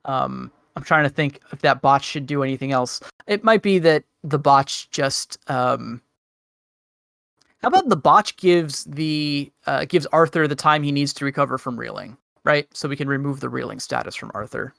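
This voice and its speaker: A man's voice: medium pitch, moderate pace, creaky, a bit bright, no room sound, clean studio sound. A man running a tabletop game as game master, easygoing and laughing often.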